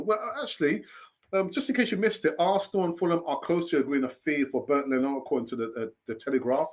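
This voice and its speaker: A man's voice: fairly high pitch, fairly bright tone. A man hosting a live football news stream, talking animatedly and repeating his phrases. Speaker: football channel host.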